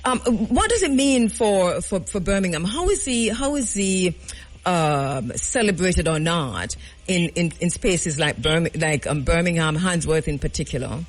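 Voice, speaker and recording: A man's voice: sits high, animated, measured pace. A man hosting a radio talk show, affable and chatty, often murmuring agreement. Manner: affable, chatty, frequent backchannel. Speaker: radio host.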